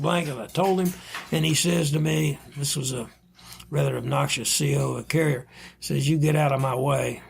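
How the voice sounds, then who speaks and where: As a podcast interview guest, this retired U.S. Navy vice admiral, an older American, shares stories, frequently chuckling and performing the dialogue. He has a fairly high, creaky voice.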